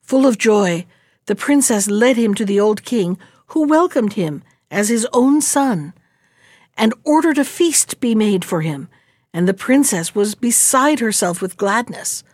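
A woman reading a fairy tale aloud, narrating in a measured, expressive way. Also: medium pitch, dry recording, studio quality. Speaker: storyteller.

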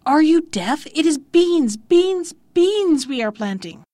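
A woman voicing impatient field workers who answer louder and louder. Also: fairly high pitch, lively intonation, slow, no room sound, clean studio sound. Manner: loud, impatient. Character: gruff bean-planting field workers.

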